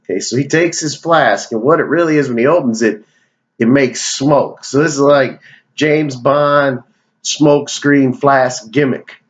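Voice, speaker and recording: A man's voice: mid-range voice, measured pace. Rambling, profane male movie vlogger. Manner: digressive, profane, joking. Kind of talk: casual rambling movie rundown.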